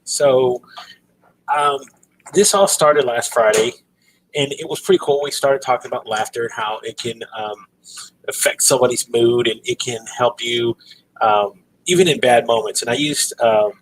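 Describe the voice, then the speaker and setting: A middle-aged man hosting a casual livestream, telling a family story and reading jokes in a relaxed way, with lots of ums and "right?". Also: medium pitch, normal speed, slight background noise, low-quality recording. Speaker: livestream host.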